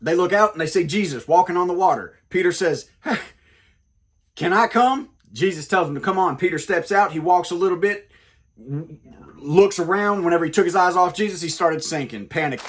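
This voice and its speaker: A man leads a comic Bible lesson with a slightly high voice. He keeps it casual and loose and slips in wisecracks as he tells the story. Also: fast talker, few pauses. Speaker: comedic preacher, host.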